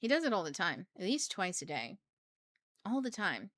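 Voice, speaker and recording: A woman's voice: mid-range voice, big pitch swings, moderate pace, fairly bright tone, dry recording, studio quality. A young adult woman hosting a book club, talking casually and reflectively, laughing often and acting out her own thoughts.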